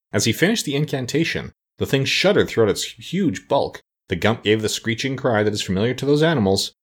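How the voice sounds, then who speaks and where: A man narrating a storybook aloud, expressive and changing his voice for each character. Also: on the low side, breathy edge. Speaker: audiobook narrator. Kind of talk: storybook reading.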